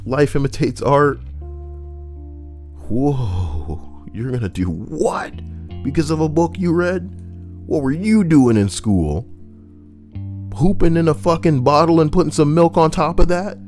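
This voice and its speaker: A man's voice: expressive, normal speed, faint music behind. Rambling, swearing male commentator. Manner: rambling, swaying between loud rants and low mutters. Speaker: YouTube commentator. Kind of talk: casual profane commentary.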